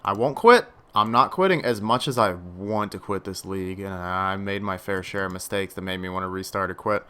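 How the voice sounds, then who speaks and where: Excitable man narrating his gameplay. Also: fairly quick, clear, resonant tone. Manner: chatty, swings from low mutters to excited outbursts. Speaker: gaming channel host. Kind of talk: casual gameplay commentary.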